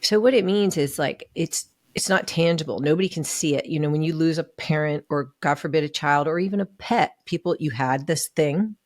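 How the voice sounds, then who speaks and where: Woman guest, deep voice, earnest and emotional, dry mic. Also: brisk, few pauses, dry recording. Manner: earnest, emotional, acts out what others said. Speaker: podcast guest. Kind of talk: candid personal story in an interview.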